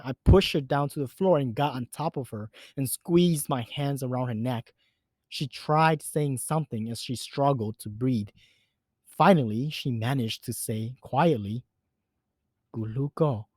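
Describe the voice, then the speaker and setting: A man's voice: medium pitch, a little mellow, dry recording. Male horror-story narrator, earnest and emphatic, dry close recording.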